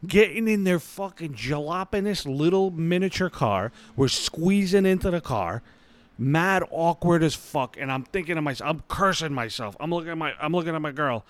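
A man's voice: on the high side, lively intonation, normal speed, no room sound. 30s guy podcasting from his bed, cussing a lot, rambly and self-deprecating, dry sound. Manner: profane, rambling, self-mocking. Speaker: podcast host. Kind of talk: casual storytelling monologue. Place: lying on his bed at home.

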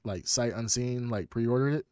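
A man's voice: mid-range voice, normal speed, no echo, studio quality. Rambling male podcast host. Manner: animated rambling storyteller. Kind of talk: casual chat.

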